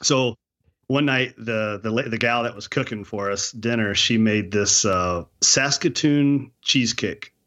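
A man in casual chat, telling a hunting story in an animated, slangy way. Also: mid-range voice, measured pace.

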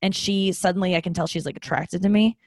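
A woman's voice: on the low side, fast, a little mellow, no room sound. Rambling, candid woman podcast host. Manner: rambling, with many fillers and restarts; candid and self-mocking. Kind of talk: casual confessional monologue.

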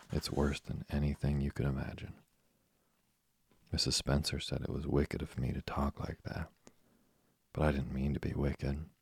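A man's voice: rumbling low, gravelly, darkish tone, breathy edge, no room sound, clean studio sound, exaggerated voice. A man doing a chatty orphan girl. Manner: breathless eager chatter. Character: chatty imaginative orphan girl, about eleven.

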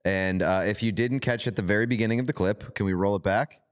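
A man co-hosting a sports podcast in relaxed conversation. His voice is very low and smooth, with a clean, resonant tone. He delivers his lines with dry, easygoing humor. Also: fast. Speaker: podcast co-host. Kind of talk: casual chat.

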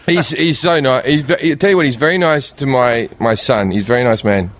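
A man's voice: medium pitch, brisk, a bit bright. A man telling stories as a comedian guest in casual podcast chat, laughing through them and swearing freely.

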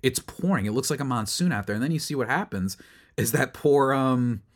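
A young man talks through a baseball game in a solo sports show, with a mid-range voice and a rambling, restart-heavy delivery. He sounds exasperated and keeps climbing into loud, indignant bursts before dropping back to a mutter. It is a casual fan rant, not a polished broadcast. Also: medium pitch, lively intonation, brisk. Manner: exasperated, ranting, rising to loud outbursts. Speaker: sports podcast host.

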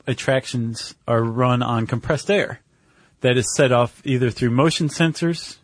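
A man co-hosting a podcast in casual chat, relaxed with many filler words. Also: mid-range voice, a little slow, no room sound. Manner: relaxed, lots of filler words, acts out quotes. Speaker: podcast co-host.

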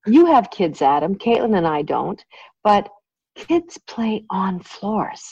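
A Canadian woman with a Western Canadian accent, hosting a podcast in casual, animated chat. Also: medium pitch, slow pace, husky, no echo, dull audio. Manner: animated, laughing, chatty. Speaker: podcast host.

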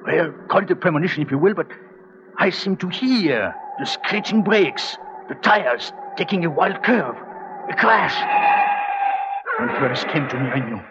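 A man playing the leading husband and narrator in a 1940s radio drama, talking in a hushed, intense, pleading way. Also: on the high side, expressive, measured pace, background noise. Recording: dull 1940s radio broadcast with faint music.

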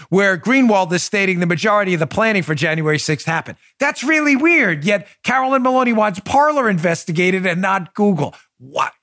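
A man's voice: high voice, fairly bright tone, dry recording, clean studio sound. Heated, sarcastic male show host. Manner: sarcastic and mocking; emphatic and heated. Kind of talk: political commentary show.

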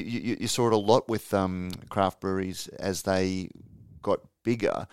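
Low smooth-voiced man, halting podcast chat. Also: a little mellow, no room sound, studio quality. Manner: halting, many restarts and fillers. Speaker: podcast co-host.

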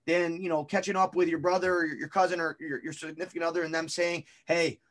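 Male co-host, high voice, casual rambling chat full of fillers. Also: flat delivery, fast talker, a bit bright. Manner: rambling, hesitant, many fillers and restarts. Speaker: podcast co-host.

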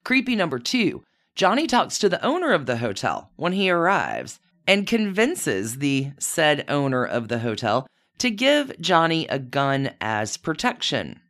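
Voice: medium pitch, wildly swooping pitch, measured pace, fairly bright tone. Podcast host telling an old hollywood crime story, voice swings up and down a lot, chatty little asides. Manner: chatty, with wry personal asides. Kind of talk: casual true-crime storytelling.

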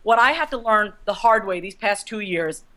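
A woman talking candidly as a business coach in a casual advice chat, speaking her mind frankly. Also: medium pitch. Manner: fast, candid, animated, addresses the host by name.

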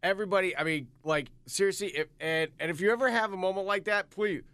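Male radio host, slightly high voice, dry studio, jokey banter. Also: quick pace, fairly bright tone, smooth, no echo. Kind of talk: casual morning show chat. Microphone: studio microphone.

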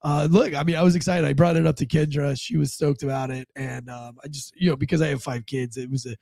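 A man with a head cold hosts a casual commentary show, rambling through stories with lots of fillers and restarts. His voice is gravelly and mellow, slightly higher than most men's, and sounds stuffed up. The recording is dry and close. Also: fairly even intonation, fast, no echo. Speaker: host.

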